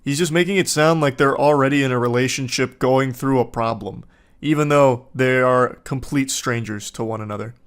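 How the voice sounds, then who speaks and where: A man in his thirties talks through screenshots of text messages in a reaction commentary. His delivery is sarcastic and mocking, with casual swearing. His pitch sits in an ordinary middle range for a man. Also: normal speed. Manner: sarcastic, swearing, mocking reads of quoted texts. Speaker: commentary host. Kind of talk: reaction commentary reading texts aloud.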